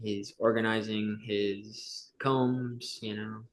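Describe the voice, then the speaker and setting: A man's voice: on the low side, level tone, slow pace. A man co-hosting a podcast, teasing and joking with swearing in casual banter. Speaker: podcast co-host. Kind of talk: casual chat.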